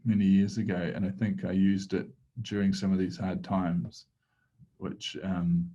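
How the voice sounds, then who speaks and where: A man hosting a casual podcast conversation, reflective and halting, with frequent restarts. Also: sits low, flat delivery, warm tone, highs cut off. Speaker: podcast host.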